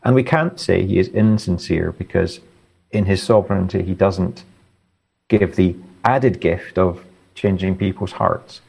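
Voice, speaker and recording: Deep gravelly guy, earnest, keeps restarting words as he explains. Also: a little mellow. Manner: earnest, halting with many repeated words. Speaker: author and guest. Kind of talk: theological interview answers.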